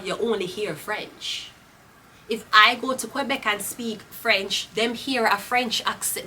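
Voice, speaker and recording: A woman's voice: on the high side, pushed and bright, slight background noise. A woman with a Jamaican accent reading tarot cards in a casual, blunt, profane way, slipping into patois. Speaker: tarot reader. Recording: voice a bit off-mic.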